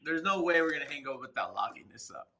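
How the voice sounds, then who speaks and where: A man's voice: fairly high pitch, expressive, fast talker, pushed and bright. A man hosting a live stream, casually and upbeat as he persuades a seller on a phone call. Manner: upbeat, persuasive, laughs along. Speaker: real estate investor host.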